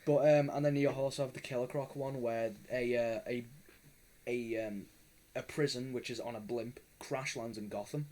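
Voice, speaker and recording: A man's voice: medium pitch, fairly even intonation, normal speed, a little mellow, low-quality recording. A man hosting a casual podcast chat, rambling and swearing with many restarts. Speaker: podcast host.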